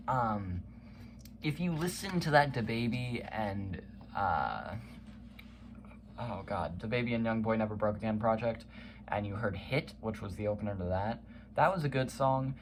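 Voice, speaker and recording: A man's voice: fairly low pitch, background noise. A young man casually counting down his favorite songs, enthusiastic, humming and scatting bits of the music. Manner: enthusiastic, hums and scats song parts, many fillers. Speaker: music reviewer. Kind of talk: casual spoken countdown review.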